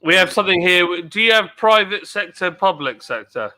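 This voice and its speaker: A man in a casual chat, blunt and wry, with drawn-out fillers. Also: high-pitched, animated, sharp tone.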